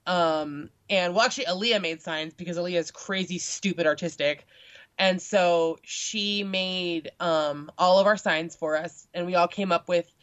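A woman's voice: lowish voice, no room sound. Chatty young woman full of likes and ums, dry dull recording. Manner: chatty, lots of filler words, animated when quoting. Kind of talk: casual chat. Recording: dull lo-fi sound.

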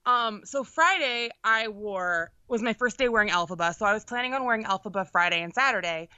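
A young woman co-hosting a podcast, telling an animated, profane story in casual chat. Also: medium pitch, brisk, clear, resonant tone, no room sound. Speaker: podcast co-host. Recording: dull lo-fi sound.

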